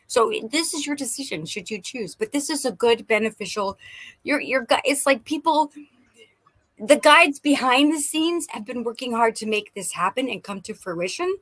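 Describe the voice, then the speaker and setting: A woman giving a playful live tarot reading, animated and quick to laugh. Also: on the high side. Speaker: tarot and oracle card reader. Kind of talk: live-stream card reading.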